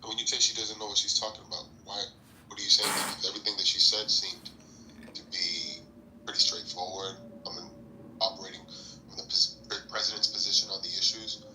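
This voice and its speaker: A man calmly pushing back in a political debate, explaining the other side's position. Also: on the low side, brisk. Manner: calm, explanatory pushback. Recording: echoey room with noise.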